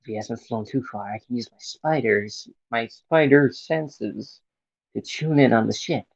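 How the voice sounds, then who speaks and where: Gravelly man reading a comic in goofy voices. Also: fairly low pitch, normal speed, a little mellow, no echo. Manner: jumps in and out of goofy character voices, swears offhand. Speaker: podcast co-host reading a comic aloud. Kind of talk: casual comic read-aloud. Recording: dull lo-fi recording.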